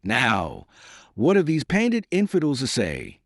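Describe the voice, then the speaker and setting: A man's voice: mid-range voice, wildly swooping pitch, slow pace, no echo, studio quality, voice pushed up, heavily acted. A man voicing an agitated, loyal medieval knight in an audiobook, speaking with indignant, awed exclamations.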